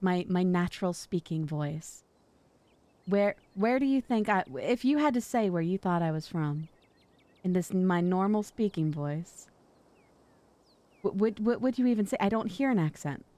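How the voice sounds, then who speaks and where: A woman's voice: mid-range voice, dark tone, no echo. A woman streamer chatting casually and playfully while reading through a game, sometimes whining in mock pleading. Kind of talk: casual livestream chat while reading a visual novel.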